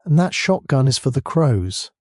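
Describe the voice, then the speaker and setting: An actor voices a cantankerous old crofter who speaks in a slow, gruff grumble. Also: male voice, mid-range voice, sing-song, darkish tone, dry recording, studio quality, pitched above the performer's own voice, close to an everyday voice. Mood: grumbling.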